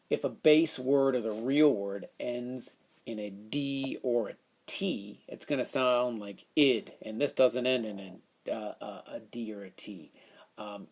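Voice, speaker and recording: A man's voice: medium pitch, a little mellow. A male teacher explaining a phonics lesson, sounding words out and thinking aloud as he works through each one.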